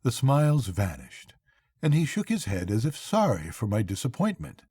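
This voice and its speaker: An older man, a grandfather, reading a classic novel aloud to his grandchildren at bedtime in an unhurried, expressive way. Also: mid-range voice, slightly rough, dry recording.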